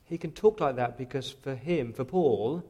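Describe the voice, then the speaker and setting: A man's voice: medium pitch, expressive, moderate pace, warm tone, husky. A man preaching a sermon as pastor, earnest and direct, often voicing the apostle's prayers in the first person.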